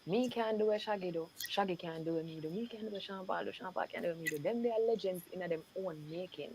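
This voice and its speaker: A woman's voice: lowish voice, quick pace, background noise. A Jamaican woman being interviewed as a singer, answering firmly and slipping into patois. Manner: firm, self-assured, slips into patois. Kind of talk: interview conversation.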